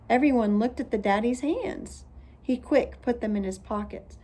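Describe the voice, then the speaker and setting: A woman teacher reading a children's storybook aloud, expressive and clear. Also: on the high side, moderate pace.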